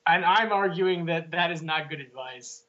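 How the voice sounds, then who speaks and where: High-voiced animated man, casual podcast chat. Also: normal speed. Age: adult. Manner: animated, argumentative, laughs often. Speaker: podcast co-host. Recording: dull lo-fi sound.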